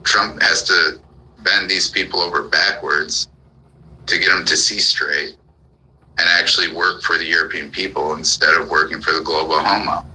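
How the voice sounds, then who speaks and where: A man's voice: sits low, steady tone, moderate pace, sharp tone, poor audio. A man from the United States hosting a live audio room, ranting angrily and full of profanity, firing off repeated commands and questions. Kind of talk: heated political rant.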